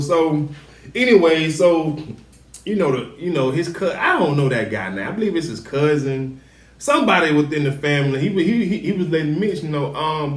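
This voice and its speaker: A man hosting a casual TV episode recap, talking in animated slang and acting out the characters' lines. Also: a little high, moderate pace, recorded from a distance. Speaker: TV show recap host. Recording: roomy sound, set back from the mic.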